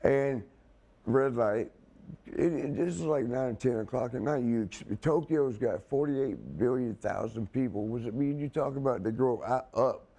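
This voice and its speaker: A man's voice: medium pitch, lively intonation, normal speed, mellow. A man telling a rambling story as a guest in a casual chat, laughing as he goes. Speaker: wrestling guest.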